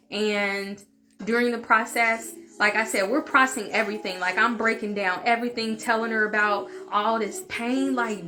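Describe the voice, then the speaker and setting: A woman's voice: medium pitch, pushed and bright. A young woman vlogger tells a personal story in an open, emotional way, close to tears at times. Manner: emotional, confessional, speaks openly and with feeling. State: tearful at times.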